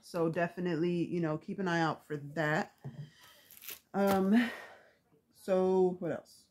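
A woman's voice: on the low side, fairly even intonation, slow pace, a little mellow, a little hiss or hum. A woman vlogger chatting casually about craft supplies, rambling with lots of fillers, with the hiccups.

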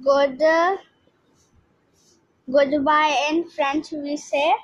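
A high-voiced woman with an Indian English accent teaches at a very slow, halting pace, repeating each word. The recording is dry and a bit dull, like a cheap lo-fi mic. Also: level tone, no echo. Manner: slow, halting, repeats words, frequent pauses. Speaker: language teacher. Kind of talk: slow informal lesson.

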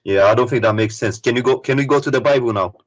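A man with a husky voice speaks quickly as a caller in a heated debate. He hesitates with fillers, dodges the questions and keeps pleading to be heard. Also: medium pitch, no echo. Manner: hesitant and evasive, keeps asking to change topic; keeps saying "my friend, listen".

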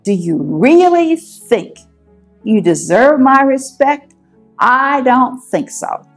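A woman's voice: high voice, expressive, slow pace, faint music behind, heavily acted. A woman voicing Jacob, a furious son-in-law who rails at his cheating father-in-law. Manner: heated, tearing into someone. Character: furious grown man, a wronged son-in-law.

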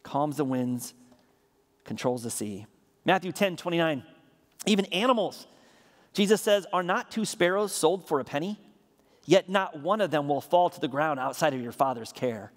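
Animated preaching man, echoing sanctuary. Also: a little high, moderate pace. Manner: energetic preaching with emphatic repeated refrains; frequent stammered restarts. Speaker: pastor. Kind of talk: sermon. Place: church sanctuary. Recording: reverberant church hall.

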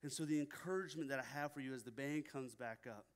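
A man's voice: mid-range voice, fast talker. A young man preaching a sermon at a church, telling stories casually with many fillers. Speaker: pastor. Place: church sanctuary. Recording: long reverb in a hall.

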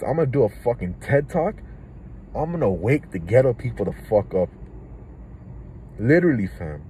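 A man's voice: medium pitch, warm tone, a little hiss or hum, poor audio. A man in his twenties with a Toronto accent, a rapper delivering a heated, profane vlog rant that jumps from thought to thought. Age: 20s.

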